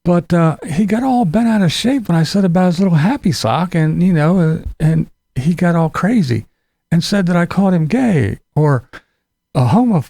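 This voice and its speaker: A middle-aged man rants sarcastically at a rival, repeating himself and mocking as he goes. His gravelly voice sits a little high and swings widely in pitch. The sound is dry and close. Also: animated, normal speed, warm tone, no echo. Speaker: YouTube commentary vlogger. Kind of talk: ranting casual commentary.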